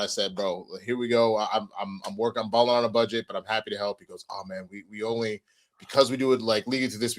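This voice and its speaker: A man's voice: mid-range voice, a bit bright. A young adult man casually telling a funny story, acting out the other people's lines and swearing freely. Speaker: podcast co-host.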